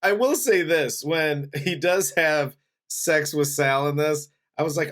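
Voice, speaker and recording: A man's voice: a little high, slow pace, a bit bright. A man co-hosting a casual movie review, laid-back, recapping the plot and laughing easily. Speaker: film review podcast co-host.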